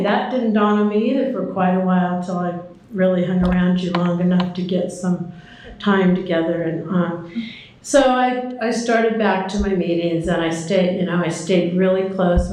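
An older woman shares her story of recovery at a group meeting. She talks in a loose, chatty way, laughs often at herself and fills pauses with ums. Her voice rings in a very echoey hall with a faint hiss underneath. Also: mid-range voice, a little mellow. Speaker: speaker sharing at a recovery meeting. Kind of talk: personal recovery talk.

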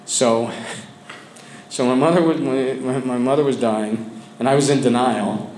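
A man sharing his personal story with a support group, speaking candidly and haltingly with frequent restarts, sometimes dropping low and quiet. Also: fairly even intonation, a little hiss or hum. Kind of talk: personal testimony. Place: meeting room with a group of men. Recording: echoey room with faint ambience.

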